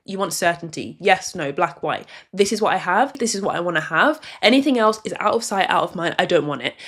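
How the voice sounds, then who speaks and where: A young woman from the UK giving casual advice to camera, chatty and reflective, leaning on "like" as a filler. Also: mid-range voice. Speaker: vlogger. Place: a room at home, in dim lighting.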